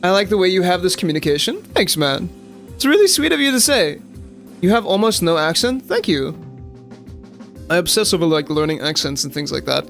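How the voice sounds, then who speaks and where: Excitable high-voiced young South African streamer, squeaky and casual, faint music underneath. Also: male voice, brisk, gravelly. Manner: excitable, swears casually, chats to viewers. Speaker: game streamer. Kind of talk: live-stream gameplay commentary.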